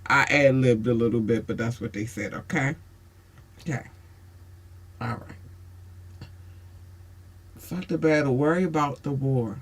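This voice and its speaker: A man hosts his own podcast and hands out blunt advice like a sermon. His voice sits at an everyday middle pitch. He swears freely and calls his listeners baby. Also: measured pace, long pauses. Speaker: podcast host. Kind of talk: casual advice monologue.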